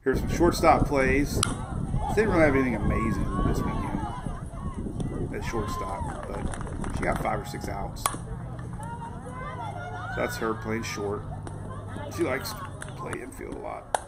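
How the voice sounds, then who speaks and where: A man hosting a weather show, chatting casually and excitably, often saying "man". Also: mid-range voice, slow, long pauses, a loud crowd, very noisy. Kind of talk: casual live-stream chat.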